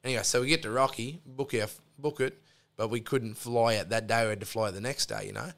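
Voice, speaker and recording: A middle-aged Australian man appears as a podcast guest, spinning rambling yarns in a casual chat. He swears freely, restarts often and drifts into asides. His mid-range voice is expressive, fairly bright and quick.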